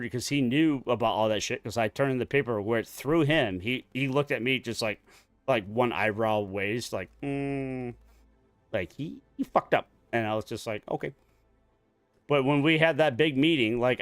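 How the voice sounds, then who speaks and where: A man's voice: medium pitch, clear, resonant tone, no room sound. A man in his forties chatting casually while gaming online, telling a long, profane story from work in a rambling way. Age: 40s. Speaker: gaming streamer.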